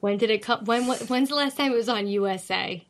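A woman's voice: on the high side, brisk. A woman co-hosting a podcast, chatting casually with playful, jokey asides. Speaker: podcast co-host. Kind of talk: casual chat.

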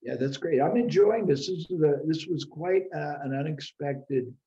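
His voice is fairly high and mellow, at a moderate pace, with a lo-fi quality and roomy echo in the recording. He is a middle-aged business owner and one-time seminar leader, reflecting in a casual conversation and emphasizing points by repeating them.

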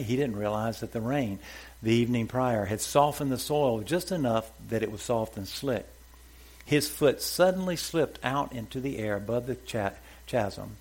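A man's voice: mid-range voice, darkish tone. A man preaching a sermon as pastor to a congregation, emphatic and repeating short exhortations. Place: church before a congregation.

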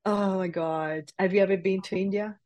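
A woman in her forties, a guest in a casual interview, telling her story in a lively way with frequent laughter. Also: medium pitch, moderate pace, dry recording. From south-west London. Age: 40s. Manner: lively, laughs often, acts out past conversations. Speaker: interview guest, yoga teacher.

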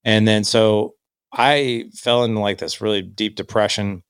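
A man's voice: on the low side, steady tone, a little slow, a bit bright, smooth, dry recording, studio quality. A man, candidly telling his life story in a reflective way. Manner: candid, reflective, quotes himself and others. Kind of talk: personal storytelling.

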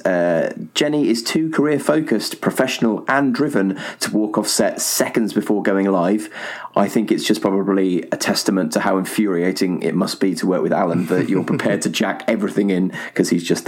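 A male podcast host reading out listener messages in a wry, self-mocking way. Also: on the low side.

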